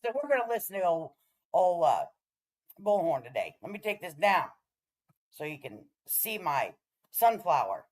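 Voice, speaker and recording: A woman's voice: lowish voice, darkish tone, low-quality recording. A woman hosting a casual reaction stream, talking in a sassy, blunt, profane way. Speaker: commentary streamer host.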